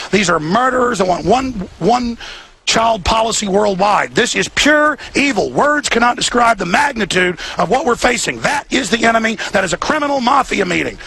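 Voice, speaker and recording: A radio talk show host giving fiery, repetitive live commentary outdoors near a hotel. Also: male voice, high-pitched, creaky, pushed and bright, slightly rough. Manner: fiery, repetitive, ranting delivery.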